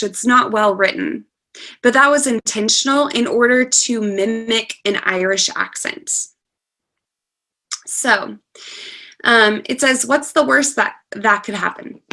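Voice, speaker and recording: A woman with a medium-pitched, fairly bright voice teaches an online class on scholarship essay writing over a video call. In this lecture she speaks patiently and reads a student's essay aloud.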